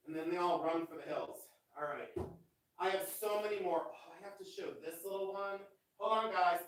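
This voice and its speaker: A man hosting a live jewelry unboxing stream, chatting casually and joking about himself. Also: fairly high pitch. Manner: chatty, self-mocking, laughs often. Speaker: livestream host selling vintage jewelry.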